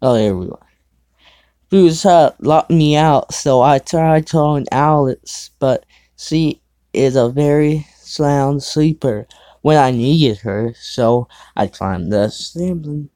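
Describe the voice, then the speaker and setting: Slow, dark-voiced man reading fanfic aloud. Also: on the high side, no room sound, clean studio sound. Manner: sarcastic asides, stumbles over the text. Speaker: show host reading fan fiction. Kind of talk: casual dramatic reading with commentary.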